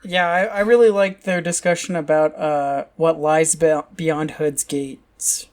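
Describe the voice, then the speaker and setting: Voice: mid-range voice, steady tone, a little slow. Hesitant co-host with a mid-range voice, stammers into theories. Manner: hesitant, stumbles into points. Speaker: podcast co-host. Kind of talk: casual book-club chat.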